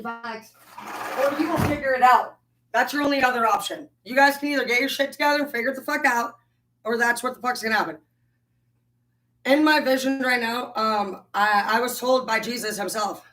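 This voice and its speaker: A woman's voice: a little high, sharp tone, low-quality recording. A young woman hosting a livestream, talking in a heated, profane, rambling way. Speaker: livestream host. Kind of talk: casual livestream rant.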